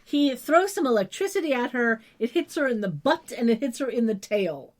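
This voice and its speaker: A woman's voice: fairly high pitch, lively intonation, moderate pace. Chatty woman recapping with casual swearing. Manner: rambling, swears casually, detailed describing. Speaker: podcast co-host.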